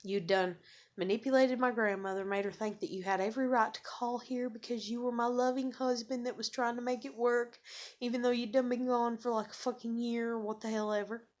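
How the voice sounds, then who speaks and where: A woman's voice: a little high, steady tone, brisk, a little mellow. A woman venting in an angry, profane vlog monologue, blunt and bitter, often repeating words as she gets worked up. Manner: heavy swearing, bitter and blunt; repeats and restarts words when agitated. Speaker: vlogger. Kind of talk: angry ranting monologue to camera.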